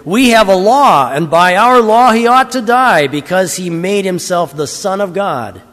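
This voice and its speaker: A man reading the lines of an angry crowd of men with loud, shouted demands. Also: high-pitched, animated, unhurried, long reverb tail. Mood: shouting.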